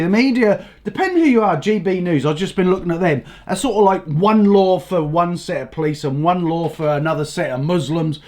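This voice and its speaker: An older man, a bit hoarse, ranting bluntly about politics and swearing often. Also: sits high, brisk, hardly any pauses, a little mellow. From England. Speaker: vlogger.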